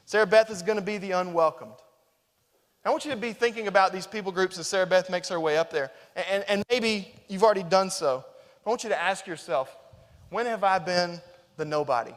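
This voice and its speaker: A man preaching a sermon, swinging between loud, emphatic stretches and hushed, tender ones. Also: high voice, brisk. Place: church sanctuary. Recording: reverberant church hall.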